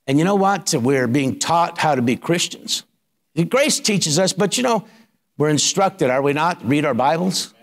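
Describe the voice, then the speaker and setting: A man's voice: on the high side, lively intonation, a little slow. A middle-aged man pastor telling his personal story in a sermon, colloquial and building to emphatic preaching.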